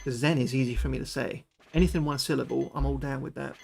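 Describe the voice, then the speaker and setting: A British man livestreaming a game, chatting excitably with his viewers and swearing freely. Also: medium pitch, quick pace, creaky, faint music behind. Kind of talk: live gameplay commentary chatting with viewers.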